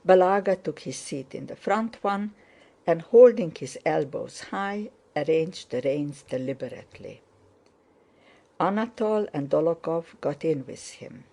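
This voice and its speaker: A woman narrating an audiobook in a steady, measured reading. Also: sits low, vocal fry. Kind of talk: scripted narration.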